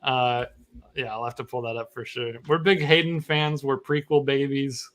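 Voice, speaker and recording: A man's voice: medium pitch, steady tone, moderate pace. A man co-hosting a casual chat show who laughs often and pokes fun at himself. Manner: laughs often, self-deprecating. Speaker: co-host.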